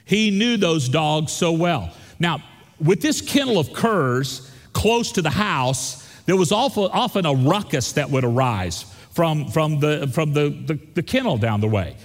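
A man preaching a Christmas sermon, telling stories slowly with repeated phrases. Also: on the high side, animated, big-room sound. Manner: slow storytelling with repeated phrases. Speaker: pastor.

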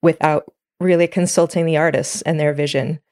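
Brief: woman interviewer, very low voice, calm and measured, close dry recording. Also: no room sound. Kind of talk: interview questions and comments.

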